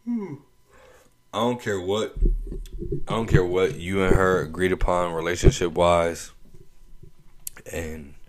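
A young man hosting his own show, telling a story in a laid-back, slangy way and laughing often. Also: sits low. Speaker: podcast host. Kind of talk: casual opinion monologue.

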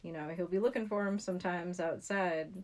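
A woman's voice: on the low side, a little fast, a little mellow. A young woman guest chatting at home with the host, joking and candid in a laid-back way. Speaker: guest, host's roommate. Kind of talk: casual chat.

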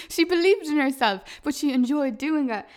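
A woman's voice: high-pitched, animated, measured pace, darkish tone. A woman, chatting earnestly on her podcast, laughing often and calling her listeners "lads". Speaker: podcast host and YouTuber. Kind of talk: casual podcast chat.

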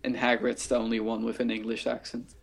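Man, gravelly voice, casual podcast chat, joking, interrupts. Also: mid-range voice, level tone, brisk. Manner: playful, jokey, interrupts with gags. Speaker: podcast co-host.

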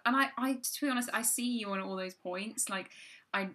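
A woman's voice: a little high, a little fast, a crowd in the background. A young woman co-hosting a podcast, chatting casually in an upbeat way. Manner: upbeat, reads poll results in a mock newsreader voice. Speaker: podcast co-host. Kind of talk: casual chat.

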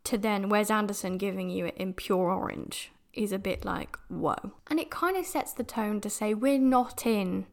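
A young British woman from the UK hosting a podcast, talking casually about a film in a chatty, rambling way. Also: medium pitch. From United Kingdom. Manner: chatty and rambling, with many restarts and fillers. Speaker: podcast host.

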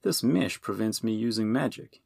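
A wry, genteel wizard with a calm, dry way of speaking, voiced by a male audiobook narrator. The pitch is raised a little above the reader's own, with a gravelly texture in a close, dry recording. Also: normal speed, no echo. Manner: wry, genteel, calls others old chap.

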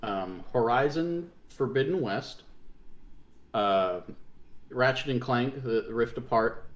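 A man's voice: medium pitch, animated, slow pace, highs cut off. A man co-hosting a gaming podcast, casual chat with a sardonic, dismissive edge. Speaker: podcast co-host.

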